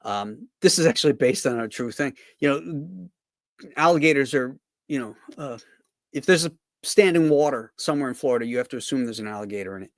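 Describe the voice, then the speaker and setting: Brief: male cartoonist rambling through anecdotes on a livestream, mid-pitched voice, dry close sound. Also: lively intonation, fairly quick, dry recording. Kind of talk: casual livestream chat.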